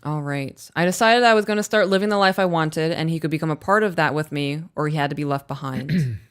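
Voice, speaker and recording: Woman host reading emails on a live stream, low smooth voice, blunt and sweary. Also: fairly quick. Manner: blunt, frank, swears casually.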